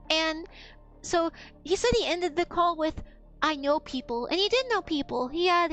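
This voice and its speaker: Very high-pitched woman streamer. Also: fairly bright tone. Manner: blunt, profane, rambling with restarts. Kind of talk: casual storytelling on a gaming stream.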